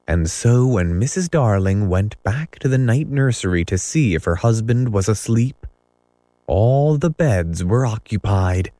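A man reading a children's story aloud as narrator, in measured storytelling. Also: fairly low pitch, lively intonation, dark tone, dry recording. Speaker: audiobook narrator. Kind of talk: scripted narration.

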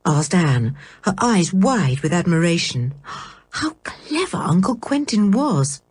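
A woman narrating a children's storybook aloud in an expressive, animated reading style. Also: lowish voice, takes it slowly, breathy edge. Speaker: audiobook narrator.

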